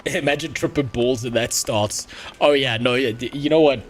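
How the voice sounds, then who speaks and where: A man's voice: mid-range voice, moderate pace, slight background noise. A man streaming a game, chatting casually, rambling and crude with a joking tone. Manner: rambling, crude, jokey, with frequent restarts. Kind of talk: casual gaming stream chat.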